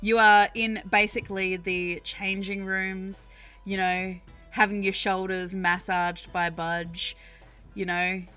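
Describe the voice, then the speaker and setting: A woman's voice: mid-range voice, level tone, takes it slowly, pushed and bright, smooth, soft background music. A woman running a tabletop game as game master, narrating loosely and casually, with fillers and laughs.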